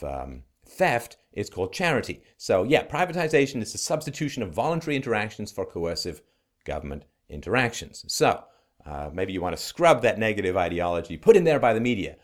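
A man giving an emphatic, sarcastic opinionated monologue as a political commentator. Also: deep voice.

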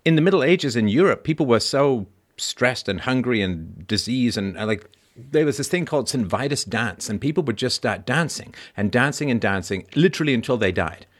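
A man hosting a podcast, talking in a lively, wordy way with frequent laughs and asides. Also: mid-range voice, normal speed. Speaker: podcast host. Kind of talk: conversational interview.

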